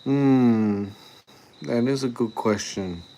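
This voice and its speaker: A man's voice: mid-range voice, takes it slowly, dark tone, slight background noise. A tired young man, chatting casually on a live stream, rambling with lots of fillers as he reads and answers chat. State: tired after the gym.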